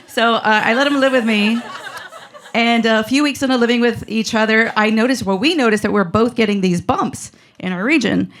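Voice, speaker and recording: A woman's voice: a little high, moderate pace. A woman telling a comic personal story on a live stage, mouthy and self-mocking, with lots of fillers and laughter.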